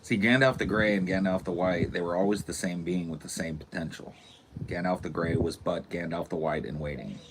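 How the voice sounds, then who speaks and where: A man's voice: low voice, steady tone, a little fast, background noise. A man co-hosting a podcast, chatting casually in loose, joking, slangy banter. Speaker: podcast co-host. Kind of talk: casual chat.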